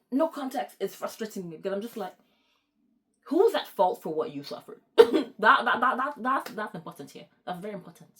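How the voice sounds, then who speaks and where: A young woman book vlogger chatting to camera, excitable and rambling, stopping to apologize for going off track. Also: lowish voice. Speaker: book YouTuber. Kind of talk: casual chat to camera.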